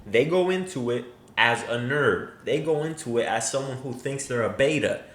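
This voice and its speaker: A man's voice: mid-range voice, expressive, normal speed, a bit bright, a little hiss or hum. A man giving crude, mocking reaction commentary, emphatic and profane. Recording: echoey room.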